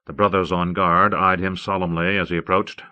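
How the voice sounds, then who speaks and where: A man reading an audiobook in a steady, measured way, from an old cassette tape. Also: deep voice, highs cut off. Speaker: audiobook narrator. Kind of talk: scripted narration.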